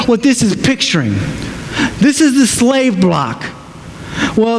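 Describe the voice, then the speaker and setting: A pastor with a high voice preaches in a church sanctuary, and his words ring out with a long hall reverb. He tells the story dramatically, acting out the crowd and the other characters as he goes. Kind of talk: sermon.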